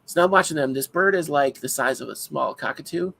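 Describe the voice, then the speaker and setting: A man co-hosting a casual podcast chat, an animated storyteller who acts out his own shouts. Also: on the high side, quick pace, creaky, rough recording. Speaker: podcast co-host.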